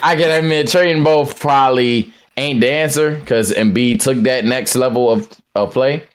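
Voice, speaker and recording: A man co-hosting a casual sports podcast, talking in a lively, slangy way with lots of stammered restarts. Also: mid-range voice, normal speed. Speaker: podcast co-host. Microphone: headset.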